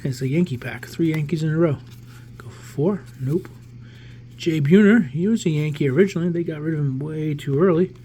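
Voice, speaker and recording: A New York-area card collector in his forties speaks briskly in a slightly high voice, with slight background noise, as he opens a pack. He keeps things casual and rambling, thinking aloud and restarting now and then.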